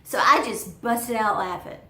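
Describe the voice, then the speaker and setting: A woman's voice: fairly high pitch, a little slow, sharp tone, roomy sound. A woman telling a personal story to her viewers in a chatty, folksy way. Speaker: vlogger. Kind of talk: storytelling vlog.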